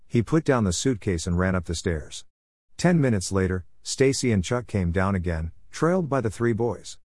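A man reading a family story aloud in the first person, in a steady, even storytelling manner. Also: on the low side, moderate pace, no echo, clean studio sound. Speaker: audiobook narrator.

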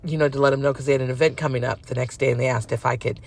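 A woman's voice: rumbling low, fairly even intonation, racing, vocal fry. A middle-aged woman telling a long personal story in a casual, frank, rambling way with many fillers.

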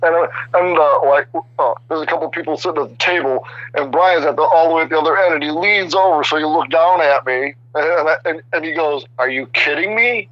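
A man in his sixties, a guest artist, telling casual stories in an animated, rambling way with many restarts. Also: on the high side, fast, no echo, highs cut off. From Chicago area. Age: 60s. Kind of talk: casual storytelling interview.

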